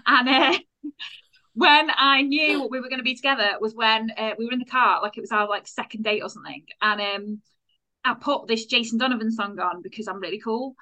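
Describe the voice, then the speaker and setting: A British woman with a bright, forceful voice pitched a little high, co-hosting a casual podcast. She tells stories in an animated, chatty way and laughs often. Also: normal speed. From Britain. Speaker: podcast co-host. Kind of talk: casual chat.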